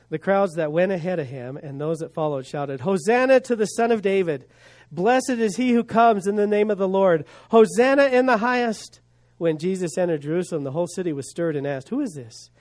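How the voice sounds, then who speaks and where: A male pastor preaching a sermon, building emphasis with rhetorical questions and dropping to quiet asides. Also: a little high.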